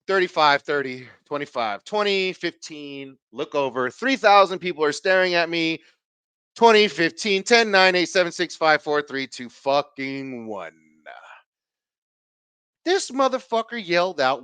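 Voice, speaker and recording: A podcast host tells a personal story on his own show in an animated, profane way, swearing plenty and acting out the dialogue. His pitch swings widely and his pace is a little slow, with a clean tone on a close, dry recording without room sound.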